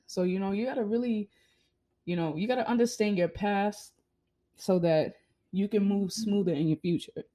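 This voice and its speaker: A woman's voice: mid-range voice, moderate pace, dark tone. A young woman giving a blunt, profane motivational monologue, hammering home her points with rhetorical questions. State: hiccuping. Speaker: vlogger.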